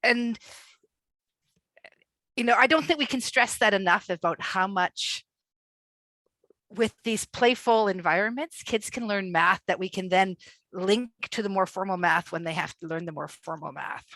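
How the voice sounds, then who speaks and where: A woman's voice: medium pitch, measured pace, long pauses, a bit bright, dry recording. A woman who teaches math and technology, giving an enthusiastic, opinionated comment at a conference session. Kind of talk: conference question from an attendee. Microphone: video call.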